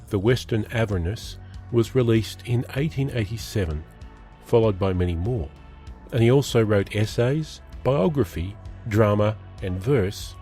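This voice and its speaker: A man introducing a story and its reader on a podcast in a measured, formal way. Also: fairly low pitch, mellow. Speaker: podcast host. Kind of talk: scripted introduction. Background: music.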